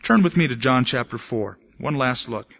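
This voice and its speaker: A man's voice: mid-range voice, animated, normal speed, gravelly, fairly bright tone, muffled recording. A man preaching a sermon to his congregation, telling anecdotes in a conversational way and rising to emphatic bursts. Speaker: pastor.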